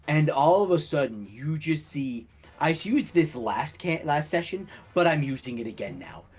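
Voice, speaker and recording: A young man running a tabletop game as dungeon master, telling the scene in an animated way and laughing often. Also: fairly high pitch, slightly rough. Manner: slow, animated storytelling with laughter.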